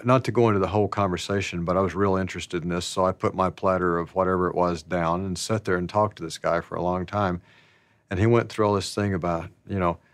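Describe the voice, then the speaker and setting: A man's voice: sits low, no echo. A man in his sixties telling stories from his life in a rambling, folksy, self-deprecating way, full of "you know" asides. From American South. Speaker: actor telling his story. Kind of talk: reflective storytelling.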